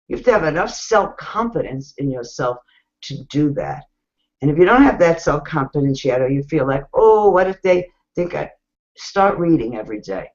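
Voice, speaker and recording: A woman hosting an online business webinar, talking casually and bluntly as she coaches viewers directly. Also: deep voice. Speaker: webinar host. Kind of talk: casual motivational talk. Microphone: video call. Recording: muffled video call audio.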